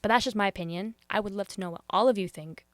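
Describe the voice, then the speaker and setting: A woman giving a casual spoken review of a show, earnest and openly emotional, with sudden excited jumps, soft near-whispers and hesitant restarts. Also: mid-range voice, fast talker, no room sound.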